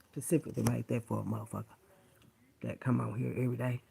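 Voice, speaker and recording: A woman's voice: a bass voice, a little fast, vocal fry, long pauses, husky. A woman vlogger in a casual, unscripted rant to camera, blunt and profane, who keeps repeating her points. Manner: coos softly at her dogs in between.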